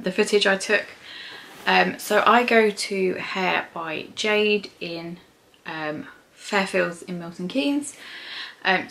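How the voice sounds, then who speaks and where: A woman's voice: lowish voice, sharp tone. A woman chatting casually to camera at home as a beauty and motherhood vlogger, filling her talk with ums and likes. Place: at home indoors.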